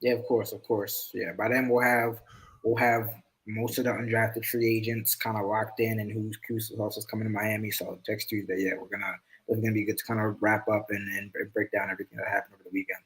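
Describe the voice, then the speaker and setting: A man from the United States, a sports reporter guest on a podcast, talking in a relaxed, easy-going way. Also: lowish voice, fairly quick, rough recording. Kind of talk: casual sports chat.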